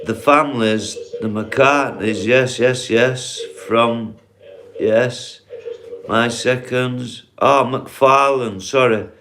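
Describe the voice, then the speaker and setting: A middle-aged man with a Yorkshire accent chatting live to viewers from a dark bedroom while lying down, talking in a blunt, sweary, earnest way. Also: mid-range voice, fairly even intonation, very slow, roomy sound, slight background noise. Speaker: livestreamer. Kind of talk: casual live chat reading viewer comments.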